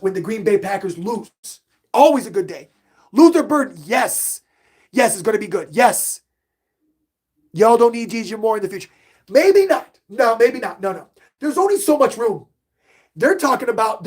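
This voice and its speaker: A man's voice: high-pitched, breathy edge. A middle-aged man hosting a live sports podcast stream, reading chat questions aloud and getting hyped up. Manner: animated, hypes himself up, reads chat questions aloud.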